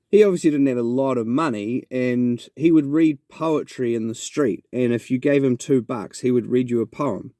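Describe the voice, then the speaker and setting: The speaker, a podcast host with a New Zealand accent, offers a casual, reflective monologue that rambles and restarts many times. His mid-range voice is mellow, and the studio sound is clean without room noise.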